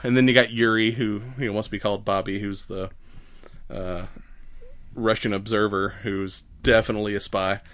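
A man co-hosting a podcast, rambling through a casual recap with frequent laughs and quick acted-out lines. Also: lowish voice, little pitch movement, fairly bright tone, no echo. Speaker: podcast co-host. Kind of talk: casual chat recapping a comedy series.

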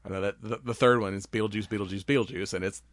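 A man's voice: fairly low pitch, fairly even intonation, rapid-fire, no echo. A man casually recapping a film plot in a rambling way, laughing often and swearing freely. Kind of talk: casual movie recap chat.

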